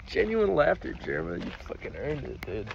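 A man's voice: mid-range voice, huge pitch swings, normal speed, creaky. A young man talking to camera on a walk outdoors, rambling and confessional, self-deprecating and swearing often. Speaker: vlogger. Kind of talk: rambling walk-and-talk vlog. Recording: muffled outdoor recording with loud ambient noise.

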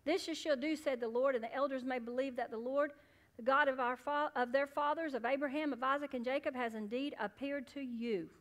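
High-voiced woman preaching fervently. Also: steady tone, brisk. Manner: preaching with calls to the congregation, rising to loud fervent peaks. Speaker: pastor. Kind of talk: sermon. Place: church sanctuary.

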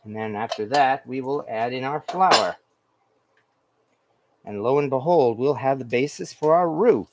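A man's voice: mid-range voice, unhurried, long pauses, heavy background noise. Rambling man chatting while cooking. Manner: rambling, filler-heavy, self-correcting. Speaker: cooking show host. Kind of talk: casual cooking chat while reading comments. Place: home kitchen at the stove.

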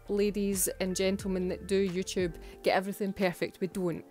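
A woman's voice: medium pitch, flat delivery, normal speed, hardly any pauses, a little mellow, faint music behind. A Scottish woman chatting through a home voice-over for her nail art videos, self-mocking and laughing often. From Scotland. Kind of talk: casual voice-over narration.

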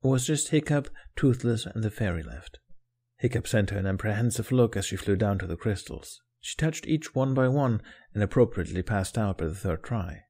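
Guy calmly reading a fanfic audiobook, lowish voice, steady. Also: moderate pace, slightly rough. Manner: calm, steady storytelling. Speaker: fan fiction narrator. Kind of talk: audiobook narration.

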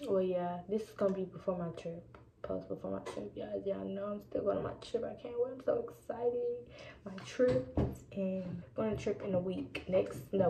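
A woman's voice: medium pitch, creaky. A young woman vlogging casually while doing her makeup, talking to her viewers and sometimes dropping to a whisper. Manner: chatty, addresses viewers as y'all, drops into whispers. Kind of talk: casual get-ready-with-me chat. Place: indoors at home doing makeup. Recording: echoey room, dull lo-fi sound, faint noise.

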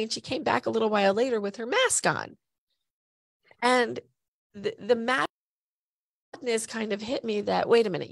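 With a medium-pitched voice marked by vocal fry and no room sound, a woman hosts a conversational podcast. She's slightly stuffy from a cold as she chats, tells stories, and appeals directly to her audience.

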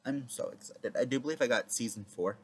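A man's voice: medium pitch, brisk, breathy edge. Rambling man in a casual vlog chat. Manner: rambling with many fillers. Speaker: video creator.

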